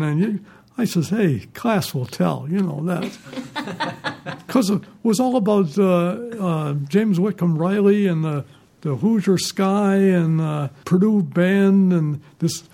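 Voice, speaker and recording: A man's voice: high voice, creaky, mellow. An older man, a retired newspaper reporter, telling rambling stories in an interview. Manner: rambling, chuckling anecdotes. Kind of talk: storytelling in an interview.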